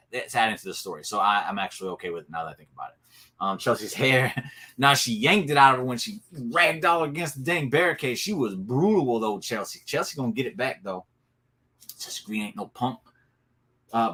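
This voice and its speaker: Excitable man recapping wrestling. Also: medium pitch. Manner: excited, animated storytelling with laughs and asides. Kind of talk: casual solo recap talk.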